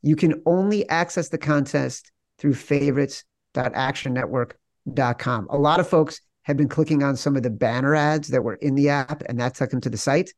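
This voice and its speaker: A man's voice: mid-range voice, no echo, studio quality. A man hosting a sports betting podcast, upbeat and jokey, running through promos and banter. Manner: upbeat, jokey, quick ad reads. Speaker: podcast host.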